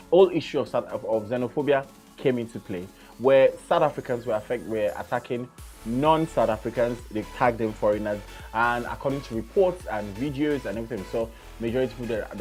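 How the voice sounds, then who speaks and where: A man with a Nigerian accent hosting a radio show, talking in an animated, casual way and repeating words for emphasis. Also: mid-range voice. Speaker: radio host.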